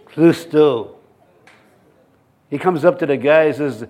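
A male pastor with a fairly high voice preaches to his congregation in a church. He mixes scripture readings with joking, chuckling asides. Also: slow pace, pauses often, darkish tone. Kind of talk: sermon.

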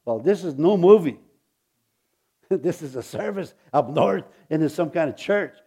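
A man, a pastor, telling a personal testimony in a rambling, halting way, with many restarts and chuckles. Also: fairly high pitch, animated, mellow, slightly rough. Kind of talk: testimony storytelling.

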